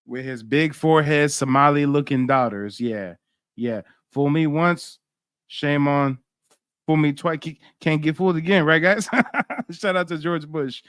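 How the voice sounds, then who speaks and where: A man's voice: on the high side, unhurried, fairly bright tone, clean tone, no room sound, studio quality. Sarcastic, mocking commentary man. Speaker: commentary channel host.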